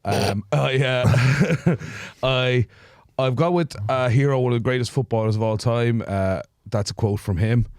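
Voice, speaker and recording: A man co-hosting a podcast, teasing the others and quick to laugh. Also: mid-range voice, a little mellow, dry recording, studio quality. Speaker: podcast co-host. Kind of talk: casual banter.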